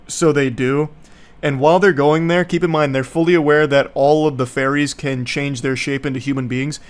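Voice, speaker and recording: A man's voice: a little high, fairly even intonation, moderate pace. A young man streaming, casually recapping a bad movie to his viewers in a sarcastic, profane, rambling way.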